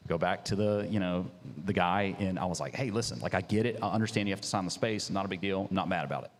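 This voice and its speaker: A man, a business founder, telling his story in a casual, animated way full of "dude" and "like". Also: low-pitched, fast, in a large hall.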